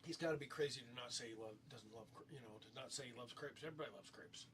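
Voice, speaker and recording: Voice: mid-range voice, racing, a bit bright, a little hiss or hum. A co-host in a casual livestream chat who muses aloud and laughs along with the others.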